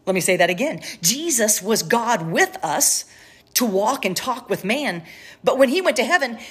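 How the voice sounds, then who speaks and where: A woman with a slightly husky voice teaching a Bible passage in sermon style, speaking straight to her listeners and sometimes dropping to a whisper. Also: a little high, normal speed. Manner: animated, talks straight to listeners, drops to a whisper for emphasis.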